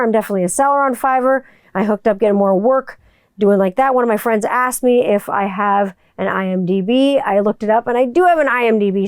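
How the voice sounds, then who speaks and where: A woman's voice: mid-range voice, smooth, no room sound, studio quality. A woman hosting her own podcast, talking casually and candidly, swearing freely and circling back through restarts. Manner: candid and profane, with rambling restarts. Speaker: podcast host. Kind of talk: casual solo podcast monologue. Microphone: studio microphone.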